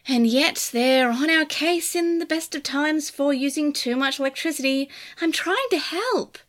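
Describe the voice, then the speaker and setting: A woman's voice: high-pitched, normal speed, a bit bright. A woman voicing a wry, blunt young woman researcher in a storybook reading, griping and teasing.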